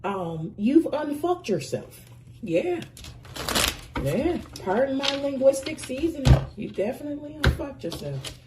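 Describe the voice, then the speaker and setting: A woman's voice: high voice, sing-song, unhurried, far from the mic, heavy background noise. A woman giving a casual tarot reading, emphatic and effusive, swearing freely and calling the listener pet names. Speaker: tarot reader.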